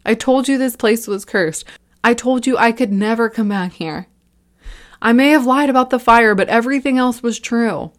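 A woman's voice: mid-range voice, moderate pace, lightly acted. Horror story reading: a bitter, panicked young man near tears, voiced by a woman narrator.

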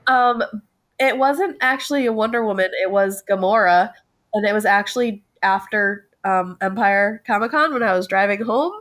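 A woman guest, a cosplayer from Connecticut, telling a story in an animated way and laughing often. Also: mid-range voice, moderate pace. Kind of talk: casual podcast chat.

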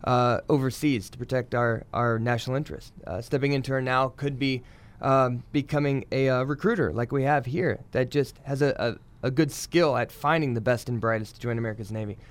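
A man's voice: medium pitch, brisk. A man working as a navy public affairs officer, a guest on a radio show, speaking earnestly and promotionally with many fillers.

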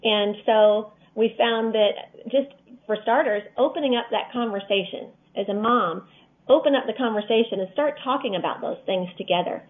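A mother as a guest, speaking earnestly and slowly with many fillers. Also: fairly high pitch. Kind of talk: casual interview talk. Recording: tinny phone line.

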